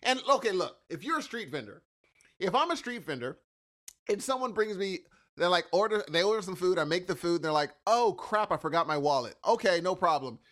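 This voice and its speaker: A man with a high voice that swings widely in pitch, ranting in exasperation on a casual podcast. He talks in slang and keeps circling back to his complaint. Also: expressive, brisk, a bit bright. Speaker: podcast co-host.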